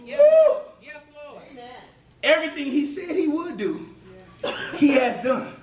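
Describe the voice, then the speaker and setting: A man preaching a sermon in a church, emphatic and often shouting, with a chanting "uh" between phrases. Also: very high voice, lively intonation, moderate pace, a crowd in the background. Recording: echoey church, mic far off.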